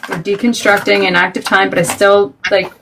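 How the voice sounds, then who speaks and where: Animated, profane woman telling stories. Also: mid-range voice, fairly quick, background noise. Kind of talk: casual heated chat.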